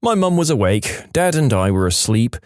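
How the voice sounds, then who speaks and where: A man narrating submitted stories for a storytelling channel, with expressive, playful delivery. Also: mid-range voice, moderate pace, no room sound, clean studio sound. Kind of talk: reading submitted stories aloud.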